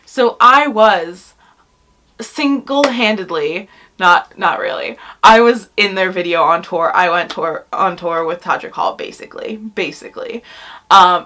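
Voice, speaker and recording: Young woman, college-age, storytime vlogger, gushing, chatty, animated, full of fillers. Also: lowish voice, a little slow. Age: young adult. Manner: gushing, animated, lots of "like" and "oh my god". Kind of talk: storytime vlog.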